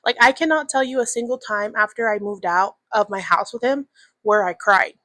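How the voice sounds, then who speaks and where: A woman's voice: mid-range voice, moderate pace, bright, forceful tone, no room sound. A young woman in her twenties hosting a podcast, talking candidly in a loose, chatty monologue full of swearing and filler words. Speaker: podcast host. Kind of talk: casual personal monologue.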